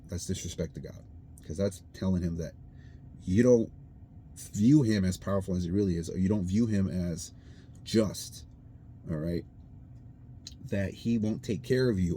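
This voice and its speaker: Brief: man, lowish mellow voice, casual faith vlog, faint room hiss. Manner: conversational, often checks in with "all right?". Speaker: vlogger. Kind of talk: casual faith talk to camera.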